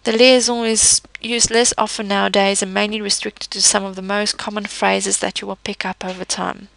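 A woman teaches French pronunciation in a calm, methodical way, walking through rules step by step. Her voice sits in a middle register with a little gravelly fry at the edges. She is recorded close and dry, with no room sound at all. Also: medium pitch, dry recording. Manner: patient, methodical, slows down to model words. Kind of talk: explanatory language lesson.

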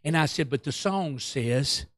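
A male pastor, telling a story in an excitable, stammering sermon that breaks into song. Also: a little high, a little slow, no room sound, studio quality.

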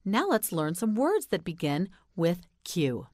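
A woman with an American accent teaching English pronunciation, slowly enunciating and repeating words for learners to say back. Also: fairly low pitch, sing-song, a little mellow, dry recording, clean studio sound. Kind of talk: slow drilled vocabulary lesson.

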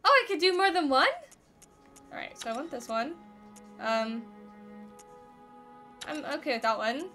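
A young woman plays through a game for her viewers, cursing, yelping and laughing as it goes. Her voice sits high and bright, and she takes her time with the words. Faint game music runs behind her. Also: measured pace, long pauses. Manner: profane, excitable, laughs and yells at the game. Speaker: gaming streamer. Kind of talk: casual let's-play commentary.

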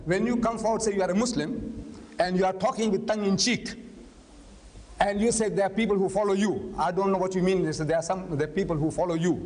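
An older man lecturing and debating in public, forceful and argumentative, firing rhetorical questions. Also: sits high, steady tone, fast. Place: large lecture hall. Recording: long hall reverb, faint noise.

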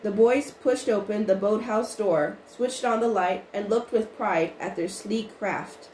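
Woman reading a story aloud, roomy sound. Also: mid-range voice. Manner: even, unhurried reading with small restarts. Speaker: audiobook reader. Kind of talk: storybook narration. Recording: roomy with faint noise.

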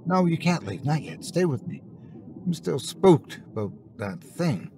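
A man's voice: fairly high pitch, sing-song, unhurried, pitched above the performer's own voice. Man voicing a frightened teenage boy. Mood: pleading. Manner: pleading, shaken. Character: scared teenage boy who stole a grave rock. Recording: noisy recording.

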